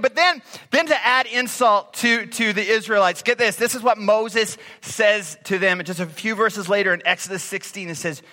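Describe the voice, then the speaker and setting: A man preaching a sermon as pastor, animated and acting out grumbling voices. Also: high voice, normal speed, hardly any pauses. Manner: animated, acts out complaining voices. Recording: reverberant hall.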